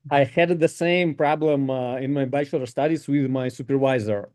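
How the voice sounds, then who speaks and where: A young man co-hosting an online call, chatting casually and joking in a slow, easygoing way. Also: medium pitch, steady tone, a little mellow. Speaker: event co-host. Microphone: video call.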